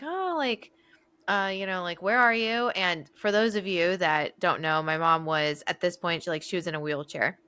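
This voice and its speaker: A woman co-hosting a podcast, telling casual stories with lots of laughter and acted-out quotes. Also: no echo. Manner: animated storyteller, laughs often, acts out quotes in a higher voice. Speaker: podcast co-host. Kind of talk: casual storytelling chat.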